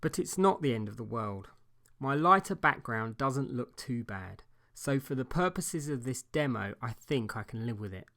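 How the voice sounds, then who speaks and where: A man giving a calm, measured voice-over for a painting tutorial, explaining each step as he works. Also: mid-range voice, creaky. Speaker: painting instructor.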